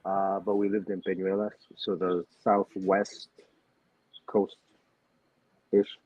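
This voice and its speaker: Husky low man on a phone-like line. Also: takes it slowly, dry recording. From Puerto Rico, raised in Buffalo and Orlando. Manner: relaxed, laughs easily, reflective. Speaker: podcast co-host. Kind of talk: casual chat. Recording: phone-like lo-fi, dry.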